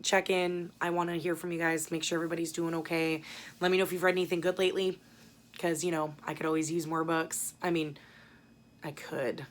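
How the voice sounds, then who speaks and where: A woman's voice: lowish voice, little pitch movement, brisk, slight background noise. A young adult woman chatting casually as a book vlogger, rambling and swearing now and then. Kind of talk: casual book haul chat.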